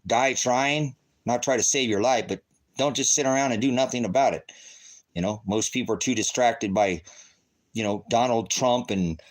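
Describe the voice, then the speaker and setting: Over a screen share, a middle-aged man holds forth like a self-made online preacher in casual livestream commentary. His plain, mid-pitched delivery rambles, loops back through rhetorical questions and bursts into cussing. The recording quality is low.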